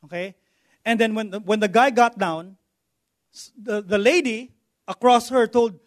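A middle-aged Filipino pastor with a noticeably high voice preaches in a loose, conversational style. He repeats himself mid-sentence and keeps checking in with his listeners with a quick "okay?". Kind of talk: sermon with personal stories.

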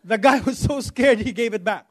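A man's voice: very high voice, moderate pace. A middle-aged Filipino man preaching a sermon in a conversational way, repeating words and often checking in with "okay?". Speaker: pastor. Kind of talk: sermon with personal stories.

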